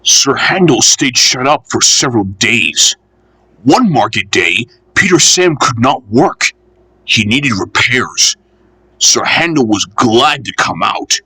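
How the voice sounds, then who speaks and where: A man reading a children's railway storybook aloud in an expressive, measured way. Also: medium pitch, breathy edge, no echo.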